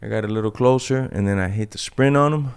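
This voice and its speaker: A brash man with a low, gravelly voice tells a fight story as a podcast guest. He is profane and animated. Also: quick pace.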